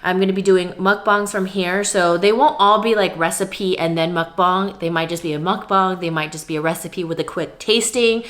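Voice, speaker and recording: A woman's voice: lowish voice, steady tone, normal speed, few pauses, a bit bright. Chatty young woman vlogging over a meal. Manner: chatty, candid, talks between bites of food. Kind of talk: casual vlog chat while eating. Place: at home, indoors.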